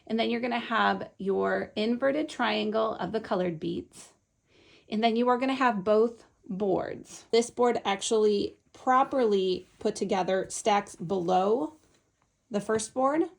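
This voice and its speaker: With a mid-range voice, some vocal fry, and a steady, measured pace, this woman guides listeners through a Montessori lesson. As a Montessori teacher giving an instructional demonstration, she explains each step with patience.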